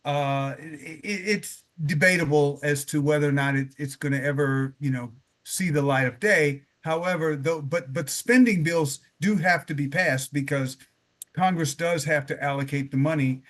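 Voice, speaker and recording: A man with a slightly raised pitch co-hosts a casual political talk. He stumbles over his openings, repeating words before the point comes out. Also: moderate pace, fairly bright tone. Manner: stammers, repeats words before getting going. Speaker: podcast co-host.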